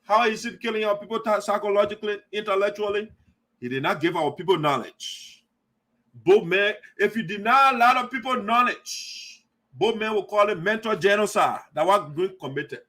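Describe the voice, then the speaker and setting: Man, angry political commentary, high-pitched, bright tone. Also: expressive, normal speed. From Liberia. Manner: heated, repetitive, addresses listener as "my brother". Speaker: online radio host.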